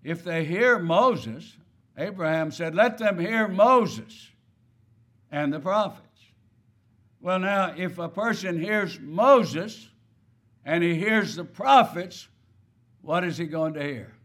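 A man's voice: sits high, lively intonation, takes it slowly, fairly bright tone. A man preaching a sermon, stressing key words and asking his listeners rhetorical questions.

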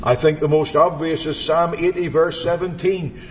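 A man preaching a sermon in a slow, dramatic style, swinging from soaring to hushed. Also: on the high side, steady tone. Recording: dull, echoey hall recording with faint hiss.

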